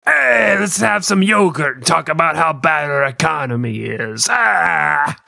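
A man's voice: on the high side, expressive, a little slow, vocal fry, bright, forceful tone, no room sound, clean studio sound, voice pushed up, heavily acted. Comic bit: a man playing a boisterous Greek-accented guy, hammy. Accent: put-on Greek.

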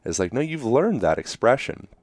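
A man talking as a guest in a relaxed conversational way, full of "you know" fillers and quick acted-out examples. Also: medium pitch, no echo. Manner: animated, acts out quick voiced examples.

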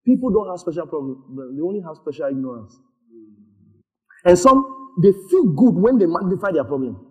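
A male pastor delivers a sermon in a high, lively voice that swoops up and down. He calls out for the congregation to repeat after him, and often breaks into laughter. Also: fairly quick, phone-quality sound. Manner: animated preaching, calls for responses, laughs often.

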